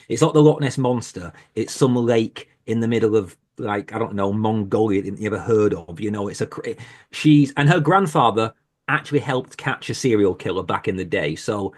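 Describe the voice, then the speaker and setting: A man speaking as a horror podcaster on a panel, rambling and self-deprecating with many restarts, over a video call. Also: mid-range voice. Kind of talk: casual panel chat.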